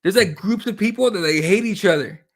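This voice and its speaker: A man with a notably high speaking voice chats on a podcast. He swears freely and tells stories by playing out the back-and-forth in quotes. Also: brisk. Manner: profane, animated storytelling with quoted exchanges. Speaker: podcast co-host. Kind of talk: casual podcast chat.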